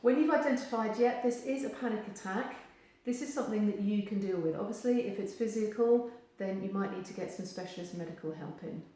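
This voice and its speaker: A woman gives advice straight to camera, animated and acting out the voices she quotes. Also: mid-range voice, quick pace, hardly any pauses. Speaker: therapist giving advice. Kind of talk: direct-to-camera advice video. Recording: very echoey room.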